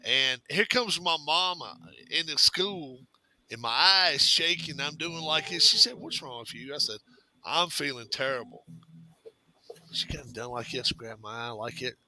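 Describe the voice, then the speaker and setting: A man's voice: a little high, lively intonation, moderate pace, pushed and bright, slight background noise, rough recording. A man telling a funny childhood story in a casual chat, drawling and acting out what others said. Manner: drawling, laughing storyteller who acts out quotes.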